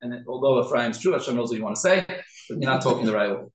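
A man's voice: medium pitch, animated. Earnest man teaching in an echoey room. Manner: earnest, repeats words slowly to correct them. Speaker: teacher of prayer pronunciation. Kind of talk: informal class talk.

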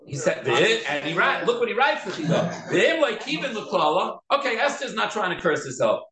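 A man teaching a casual Torah class, animated and acting out the quotes and dialogue he discusses. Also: high voice, normal speed. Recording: echoey room.

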